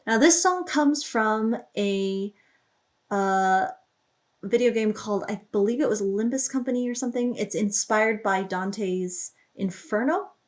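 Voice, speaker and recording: Woman teaching song lyrics, easygoing. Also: measured pace. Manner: thinks aloud with fillers, lifts pitch when reading lyrics. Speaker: language teacher. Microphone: studio microphone.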